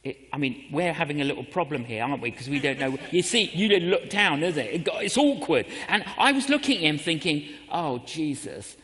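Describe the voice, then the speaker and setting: Male preacher telling a story from the pulpit, animated and expressive, recorded in a reverberant hall. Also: fairly high pitch, fairly quick, hardly any pauses, slight background noise. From England. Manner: animated, acts out voices and inner prayers. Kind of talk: storytelling sermon.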